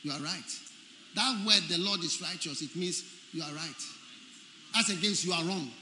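A man preaching a sermon in a large, echoey hall, with faint ambience behind him. His voice sits high and bright, and it swings widely in pitch as he hammers home key phrases. He keeps checking whether his listeners are following. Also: moderate pace, a little hiss or hum. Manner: emphatic, repeats key phrases, quizzes the congregation.

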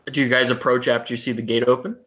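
A man running a tabletop role-playing game as game master, narrating scenes with frequent halting fillers. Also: mid-range voice, level tone, a bit bright.

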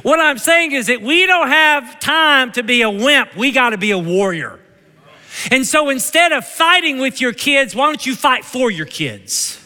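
High-voiced pastor with a Kentucky twang. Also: male voice, measured pace. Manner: energetic, joking, calls out for amens. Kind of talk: sermon. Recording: long reverb of a church hall.

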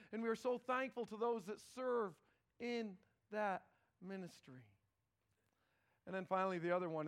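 A middle-aged male pastor preaching a sermon in a conversational, animated way, often repeating words as he starts phrases. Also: high-pitched.

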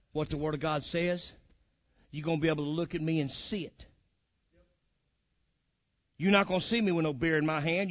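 A man's voice: high-pitched, fairly bright tone, no room sound. A man preaching a sermon, fiery and colloquial, calling out to his congregation. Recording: muffled lo-fi recording.

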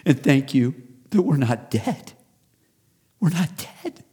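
A man's voice: medium pitch, lively intonation, slow, dark tone, breathy edge, pitched above the performer's own voice, heavily acted. A man voicing a weary, grateful old man who calls out in relief and pleading joy. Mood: overjoyed.

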